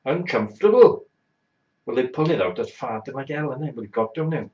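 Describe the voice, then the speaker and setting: A man's voice: medium pitch, quick pace. Man telling a bawdy tale. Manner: blunt, exaggerating, bawdy storyteller. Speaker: talk show host. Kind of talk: comic anecdote on a live talk show. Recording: roomy, dull lo-fi sound.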